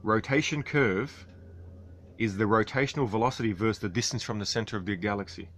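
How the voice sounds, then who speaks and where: A man's voice: fairly low pitch, brisk, fairly bright tone, a little hiss or hum. A man streaming, talking casually about astronomy while reading chat, with a rambling, chatty manner. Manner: rambling, chatty, laughs often.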